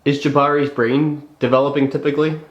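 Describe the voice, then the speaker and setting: A man interviewing a mother, asking gentle, plain questions. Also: a little high, level tone, brisk, echoey room, dull audio. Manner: gentle, playful.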